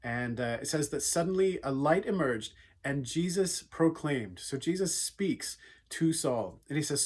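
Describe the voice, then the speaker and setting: Male youth speaker, husky, a bit high-pitched, earnest and conversational. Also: expressive, measured pace. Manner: earnest, conversational, with frequent fillers. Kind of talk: devotional talk retelling a Bible story.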